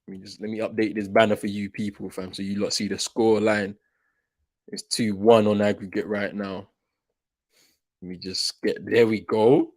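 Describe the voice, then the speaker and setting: Excitable young man reacting live. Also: on the low side, normal speed. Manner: excitable, slangy, repeats himself, swings from shouting to muttering. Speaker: watchalong host. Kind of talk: live football watchalong commentary.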